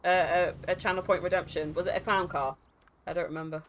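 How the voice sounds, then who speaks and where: A woman streaming a game from home, giggling and breaking into loud outbursts, her throat sore from laughing. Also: lowish voice, steady tone, quick pace, noisy background. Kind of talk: casual live-stream chat.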